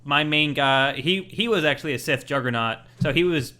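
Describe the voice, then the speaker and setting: A man co-hosting a gaming podcast in casual chat, animatedly acting out bits of game dialogue. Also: fairly high pitch. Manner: animated, acts out game dialogue in quick voices. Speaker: podcast co-host.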